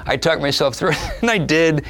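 A middle-aged actor telling stories in an interview, animated and profane, laughing often and sometimes dropping to a soft, low musing tone. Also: male voice, brisk. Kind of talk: candid conversational storytelling.

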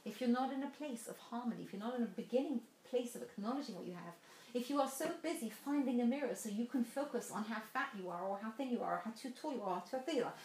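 A woman's voice: fairly high pitch, roomy sound, a little hiss or hum. A woman giving a motivational talk to a live audience, telling stories with laughs and direct questions to her listeners. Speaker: motivational speaker.

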